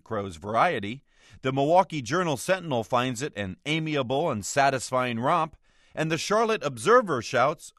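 A man's voice: medium pitch, normal speed, no echo, clean studio sound. A man delivering a scripted, sarcastic movie-review roundup on the radio. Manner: wry, sarcastic, expressive. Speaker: film critic roundup writer. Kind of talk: scripted comic radio commentary.

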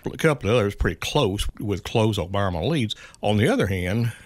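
Middle-aged man, low voice, dry studio sound, wry unhurried political talk on radio. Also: expressive, dry recording. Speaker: regular political commentator.

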